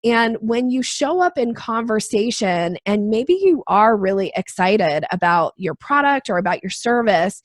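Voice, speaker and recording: A woman sales trainer answering interview questions, explaining with lively acted-out examples. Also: mid-range voice, unhurried, hardly any pauses, no room sound, studio quality. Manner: animated, acts out quoted voices.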